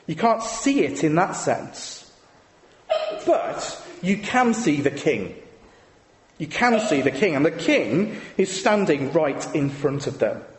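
Slow and a little high, the man's voice swings widely in pitch as he preaches. His sermon in the church is conversational, full of rhetorical tag questions for the congregation, and the recording carries the long reverb of an echoey hall.

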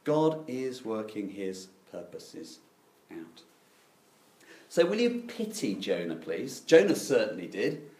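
A man's voice: fairly low pitch, big pitch swings, slow pace, a little mellow, reverberant. A middle-aged man preaching a sermon, telling stories with dry, self-deprecating irony.

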